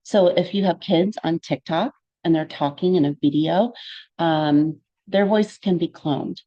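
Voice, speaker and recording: A woman's voice: lowish voice, a little slow, muffled recording. A woman presenting a live-streamed safety training, speaking in an earnest, warning way with fillers and asides. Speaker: trainer giving a free online safety session.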